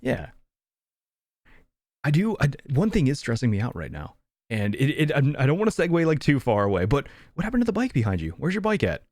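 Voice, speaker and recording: Man, podcast co-host, casual chat, animated sing-song pitch, dry close sound, lots of restarts. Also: a little fast, dry recording. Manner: thinking aloud with many restarts and fillers.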